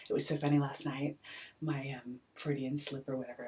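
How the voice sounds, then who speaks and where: A woman in a rambling personal monologue, swinging between hushed whispers and loud outbursts, swearing and repeating herself. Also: very deep voice, steady tone, normal speed, far from the mic. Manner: swears freely.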